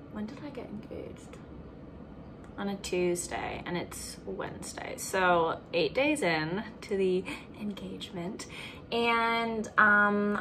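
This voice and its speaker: A young woman in her twenties chats to her camera in a casual vlog. She tells the story in an animated, gushing way and fills it with "like" and little side comments. Her voice sits at an ordinary middle pitch for a woman. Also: slight background noise. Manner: chatty, animated, heavy use of "like". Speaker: vlogger.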